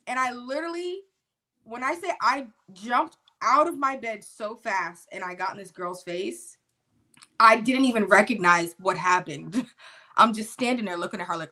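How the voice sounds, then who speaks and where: A young woman telling a personal testimony story in a casual, animated, expressive way. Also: on the high side, normal speed.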